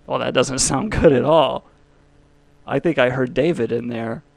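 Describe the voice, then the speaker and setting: A man's voice: mid-range voice, unhurried, creaky, slight background noise. A man hosting a podcast, talking in a rambling way that swings between jokey bits and heartfelt reflection. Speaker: podcast host. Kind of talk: casual podcast monologue.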